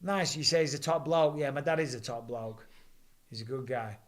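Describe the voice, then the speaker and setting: A man, hosting a live fight watch-along and calling the action with rising excitement. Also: medium pitch, moderate pace. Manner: excitable, rising for big moments. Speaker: host. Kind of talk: live fight commentary and chat.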